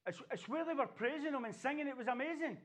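High-voiced man preaching with fervor. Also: fast talker, fairly bright tone. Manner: passionate, exhorting, with bursts of laughter. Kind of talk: sermon.

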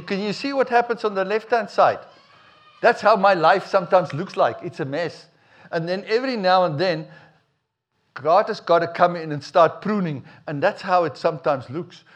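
A middle-aged man, preaching a sermon in a conversational, animated way with asides to the congregation. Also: sits high, lo-fi sound. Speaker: pastor.

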